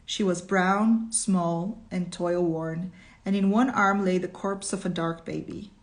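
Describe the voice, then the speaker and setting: A woman reading a short story aloud at a slow, deliberate pace, in the manner of a literature teacher. She pauses between passages to add her own commentary. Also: on the low side, steady tone.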